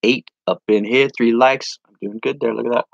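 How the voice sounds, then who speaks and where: A man hosting a casual live stream, rambling and joking as he reads viewer comments, with sudden playful jumps into a high voice. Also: steady tone, moderate pace, vocal fry, no room sound, dull audio. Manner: silly, playful with sudden high-pitched bursts.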